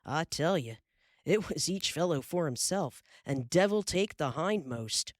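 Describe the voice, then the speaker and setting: A woman's voice: sits low, animated, a little slow, no echo, studio quality. A woman voicing a hearty middle-aged frontier father telling a tale in a folksy drawl. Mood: lively.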